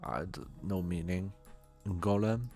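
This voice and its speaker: A man with a Swiss German accent, talking slowly in a soft-spoken ASMR chat and stumbling over foreign names. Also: low voice, faint music behind. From Switzerland. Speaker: streamer.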